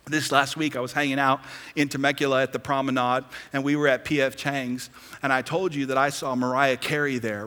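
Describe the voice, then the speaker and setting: A man preaching an Easter sermon as pastor, moving between hushed, drawn-out lines and loud, fast bursts. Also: medium pitch. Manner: animated, swings between hushed and loud emphasis. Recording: long hall reverb.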